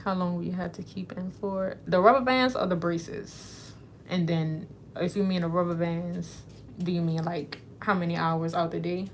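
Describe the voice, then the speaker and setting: A woman's voice: fairly low pitch, fairly even intonation, normal speed, a little hiss or hum. A young adult woman livestreaming, reading out viewers' questions and answering them in a loose, rambling chat full of fillers. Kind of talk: casual chat.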